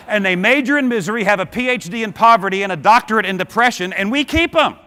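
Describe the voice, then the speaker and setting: A man's voice: high-pitched, lively intonation, quick pace, hardly any pauses, bright, forceful tone. A middle-aged man giving a punchy, joking motivational keynote speech, firing rhetorical questions at a conference audience. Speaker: keynote speaker. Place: large conference hall with audience. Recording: long hall reverb.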